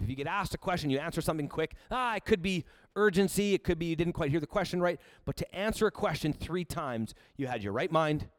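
A man's voice: medium pitch, no room sound, studio quality. A man preaching a sermon with casual, joking asides as he reads and explains scripture. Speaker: pastor.

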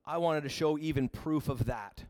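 A man's voice: a little high, normal speed, darkish tone, no echo, clean studio sound. A man preaching a sermon with casual, joking asides as he reads and explains scripture. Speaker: pastor.

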